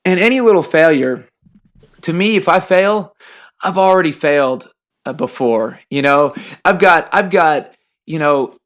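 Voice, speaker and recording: A man in his thirties, a podcast host and high school football coach, chatting casually and acting out dialogue as he tells stories. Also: unhurried, a bit bright. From Texas. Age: 30s. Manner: storytelling, acts out dialogue, laughs while telling.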